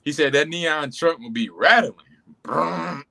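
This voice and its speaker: A man co-hosting a podcast, reading listener comments with upbeat shout-outs and banter. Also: fairly high pitch, normal speed. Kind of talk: casual chat.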